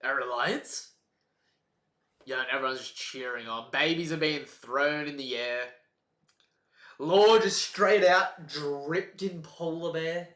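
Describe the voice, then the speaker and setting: Excitable man in a roomy space. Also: fairly high pitch, a little slow. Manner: excitable, swings between loud outbursts and soft mumbling. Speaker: streamer reacting to a comic chapter. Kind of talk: live reaction commentary. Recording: echoey room.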